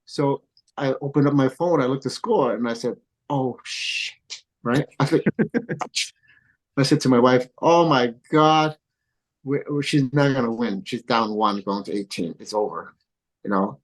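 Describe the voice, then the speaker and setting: A man's voice: mid-range voice, normal speed, low-quality recording. A middle-aged man coaching golf, speaking in a podcast interview. He tells stories with plenty of energy, laughs often, and acts out the voices of the people he quotes. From came to the U.S. as a kid. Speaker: golf coach and father of a pro golfer. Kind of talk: animated storytelling in a podcast interview.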